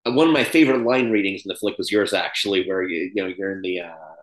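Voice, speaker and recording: A man's voice: low voice, fast talker, a little hiss or hum. A man hosting a podcast interview, talking in an enthusiastic, admiring way. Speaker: podcast host. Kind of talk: casual interview conversation. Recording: roomy echo.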